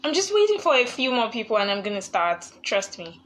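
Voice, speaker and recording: A woman's voice: on the high side, sing-song, a little fast, fairly bright tone. A young woman hosting a live online session, chatting casually and laughing often as she greets viewers. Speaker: live webinar host.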